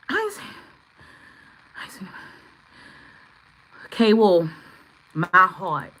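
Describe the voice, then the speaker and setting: A woman doing a live tarot reading, chatting with viewers, excitable and swearing freely. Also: fairly low pitch, slow, pauses often, rough recording. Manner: excitable, swearing, bursts into shouts. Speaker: tarot reader.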